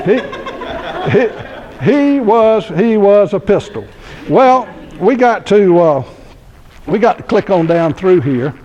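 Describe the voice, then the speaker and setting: Speaking in a university lecture hall, this sixty-something keynote speaker from Georgia shares funny, folksy stories and laughs along at them. His high-sitting voice is animated, unhurried, creaky, and mellow, and the audio sounds dull.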